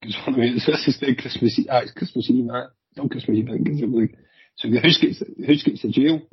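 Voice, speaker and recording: A very husky, rough-edged Glaswegian man spins off-the-cuff stories from his years on the force. He talks in quick, animated bursts with the odd curse, close and dry on a dull, lo-fi recording. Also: medium pitch, dry recording. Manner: animated, swearing, hurried storyteller. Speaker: former police officer. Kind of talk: casual anecdotal storytelling. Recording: dull lo-fi sound.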